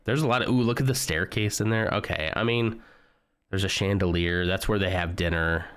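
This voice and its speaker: A man's voice: low-pitched, a little fast, fairly bright tone, clean tone. A man streaming live, chatting casually and joking with his viewers as he browses. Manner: chatty, joking, talks to chat while browsing.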